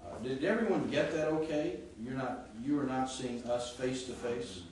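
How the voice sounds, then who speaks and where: A man's voice: mid-range voice, normal speed, darkish tone, a little hiss or hum. Man teaching from far across an echoey classroom. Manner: explains with frequent restarts and checks on students. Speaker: Greek teacher. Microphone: far camera.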